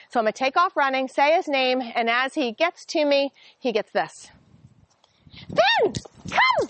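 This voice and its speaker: A woman dog trainer giving a friendly, explanatory training demonstration. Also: no room sound. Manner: friendly, explanatory, breaks into bursts of high, excited praise.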